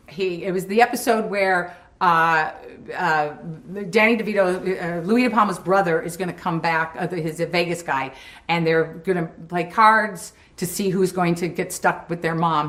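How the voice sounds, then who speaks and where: Woman cast member, anecdotal interview; bright, animated storyteller who acts out scenes. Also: on the low side. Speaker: sitcom cast member recalling a shoot.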